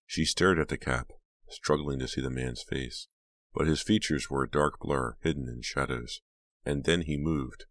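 A man narrating a horror audiobook in a steady, measured way. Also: a bass voice, no room sound.

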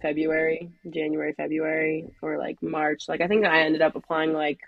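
A woman's voice: deep voice, little pitch movement, moderate pace, creaky, no echo, muffled recording. A young woman, a newly graduated nurse, talking casually on a podcast, laughing often and using "like" a lot. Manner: chatty, laughs often, lots of "like". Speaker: guest, new grad nurse.

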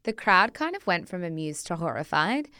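A woman co-hosting a podcast reads through a scripted history story in a smooth, clean, fairly low voice. She keeps it chatty and drops into casual asides. The sound is dry and close, with no room around it. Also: big pitch swings, moderate pace, sharp tone, no room sound. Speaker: podcast co-host.

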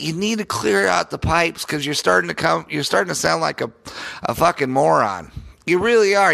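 Man, sports podcast host, sharp tense voice, gravelly, angry swearing sarcastic rant. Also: on the high side. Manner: profane, heated, sarcastic ranting.

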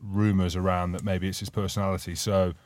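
A man's voice: low voice, flat delivery, a little fast, darkish tone. A man co-hosting a podcast, asking questions with mocking jokes. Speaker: podcast co-host. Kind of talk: casual chat.

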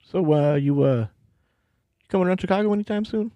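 A man's voice: sits high, a little fast, mellow, no echo, pitched above the performer's own voice, natural voice. A man voicing a friendly brother on a phone call, easygoing and welcoming.

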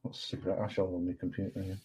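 On a dull, lo-fi home recording made at night, an English guest on a livestream talks fast in a low, monotone, darkish voice with a little hiss or hum. He rambles casually, apologizes often and leans on fillers.

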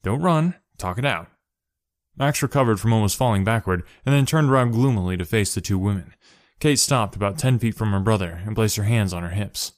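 A man reads a story aloud in a steady narrating voice, lower than most. The recording is dry and close, with no room around it. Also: brisk, no echo. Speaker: story reader.

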